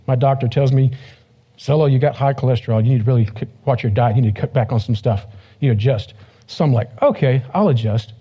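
A man's voice: mid-range voice, fast, warm tone, slightly rough, highs cut off. A man who is a pastor, giving a casual, joking sermon and acting out the voices of people he quotes.

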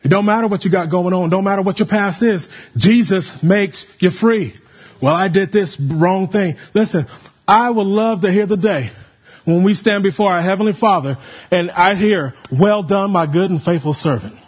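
A man's voice: high voice, moderate pace, slightly rough, lo-fi sound. A man preaching a sermon, reading scripture and leading the congregation in call and response. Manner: rising to emphatic calls, leading the congregation.

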